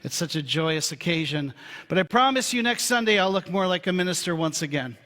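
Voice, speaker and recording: A pastor preaching a sermon in a relaxed, joking, conversational way before turning serious. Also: male voice, high-pitched, brisk. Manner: humorous, conversational storytelling. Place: church sanctuary. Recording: reverberant church hall.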